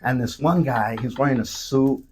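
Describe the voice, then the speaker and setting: A man on a podcast telling profane, animated stories with lots of restarts. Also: mid-range voice, moderate pace, heavy background noise. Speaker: podcast guest. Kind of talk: casual storytelling. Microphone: studio podcast mic.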